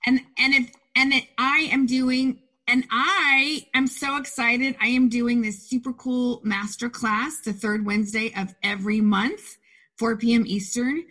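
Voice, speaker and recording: A woman's voice: a little high, fairly even intonation, measured pace, long pauses, sharp tone. A woman co-hosting a podcast over a video call, bubbly and upbeat as she wraps up the show. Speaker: podcast co-host. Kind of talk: casual podcast with a scripted sign-off.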